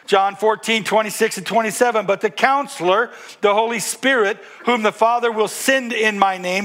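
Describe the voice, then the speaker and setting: A man's voice: high-pitched, a bit bright. A man preaching a sermon, reading scripture aloud and asking the congregation to answer back. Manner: engaging, asks the congregation to respond; reads scripture aloud with emphasis. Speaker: pastor.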